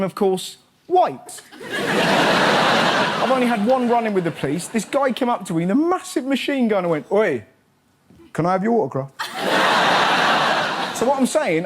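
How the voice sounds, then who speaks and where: High-voiced comic on stage. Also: male voice, very noisy. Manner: sarcastic, punchy delivery with quick asides. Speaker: comedy show host. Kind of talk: stand-up monologue. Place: TV studio stage. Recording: loud studio audience laughter.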